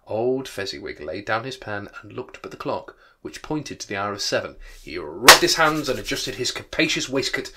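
A man's voice: on the low side, pushed and bright. A man teaching English literature, reading a novel aloud and breaking off for rambling, apologetic asides. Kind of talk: reading aloud with revision commentary.

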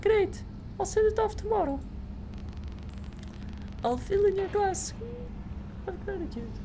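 A man voicing a young woman barmaid in a game, in a chirpy high falsetto. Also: expressive, unhurried, noisy background.

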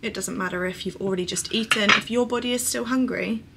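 A woman's voice: medium pitch, fast, gravelly, very noisy. Woman, 20s, lifestyle vlogger. Bubbly, chatty, swears casually. Roomy hotel room, mic slightly distant. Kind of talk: casual chatty vlog talk to camera.

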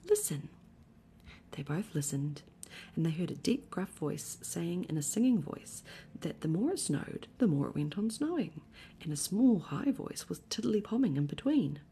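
Soft-spoken woman with a gravelly low voice. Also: very animated, slight background noise. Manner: soft and slow. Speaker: ASMR storyteller. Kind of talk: whispered bedtime story narration.

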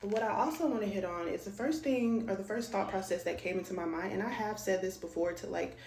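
A woman's voice: mid-range voice, fast talker. Sassy woman vlogger in an echoey room. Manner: animated, sassy, mimics voices. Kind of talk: reaction commentary.

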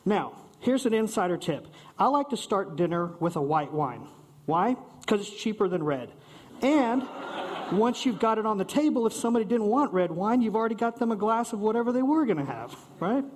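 A man giving a playful, animated short talk on stage to a live audience, acting out quick voices of diners and servers. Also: high-pitched. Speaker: speaker at a short-talk event.

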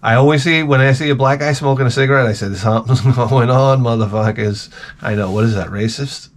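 A man hosts his own video and rants through a story in a loose, profane way. He jumps between loud outbursts and quiet muttered asides, restarting his sentences as he goes. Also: mid-range voice, fairly even intonation, fast. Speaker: video host. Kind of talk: rambling comic rant to camera.

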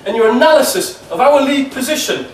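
A man putting on a Geordie accent to voice an angry male football fan's ranting texts, drawn-out and exasperated. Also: very high-pitched, animated, slight background noise, voice pushed up. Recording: echoey hall, distant mic, laughing crowd.

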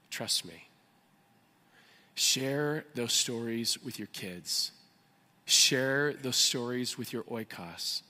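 Pastor, male, earnest and animated sermon delivery, sharp bright tone. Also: medium pitch, in a large hall. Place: church sanctuary.

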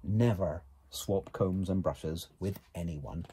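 Reading from a storybook, a man takes on the part of a stern, matter-of-fact male dog doctor who lectures firmly. His voice is low, slow, warm and husky, pushed down and exaggerated.

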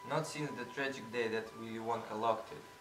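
A man playing an old bedridden grandfather in a school stage play, telling a story in a slow, unhurried way. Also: mid-range voice, lightly acted. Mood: warm storytelling. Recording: echoey hall, from far off, music behind.

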